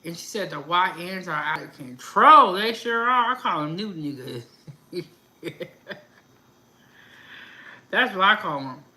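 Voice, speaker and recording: A woman hosting her food channel, chatting casually about celebrity gossip in an animated, opinionated way with asides to her viewers. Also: lowish voice, takes it slowly, pauses often, poor audio.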